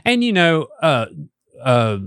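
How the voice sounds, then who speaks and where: A man's voice: on the high side, very animated, takes it slowly, fairly bright tone, smooth, dry recording, clean studio sound. A man with an Appalachian accent co-hosting a casual podcast, chatty and full of fillers and emotional asides. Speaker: podcast co-host.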